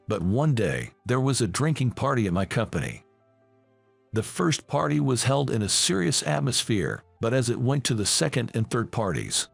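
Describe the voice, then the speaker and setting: A man's voice: mid-range voice, gravelly, husky, no room sound. A man narrating a first-person story in a plain, reflective way.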